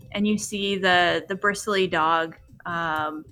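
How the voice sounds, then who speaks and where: A woman narrating a tabletop role-playing game as game master, relaxed with frequent filler pauses. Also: lowish voice, faint music behind. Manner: relaxed, many ums.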